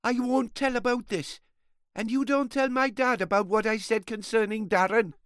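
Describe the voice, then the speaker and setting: A woman's voice: on the high side, steady tone, moderate pace, no room sound, studio quality, natural voice. Woman playing a whiny boy bully. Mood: sulky. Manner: whining and sulky.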